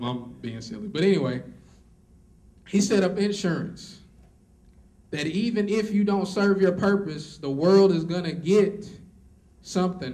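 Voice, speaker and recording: A man's voice: on the high side, a little mellow. A man giving a motivational speech at a college event, repeating lines like a preacher and cracking jokes along the way. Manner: preacher-like repetition and joking asides. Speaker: motivational speaker. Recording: distant mic with faint noise.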